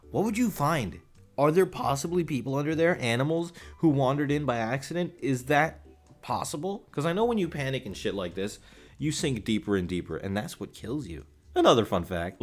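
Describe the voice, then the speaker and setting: A young man giving casual, joking reaction commentary as a YouTuber, animated and full of swearing. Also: on the low side.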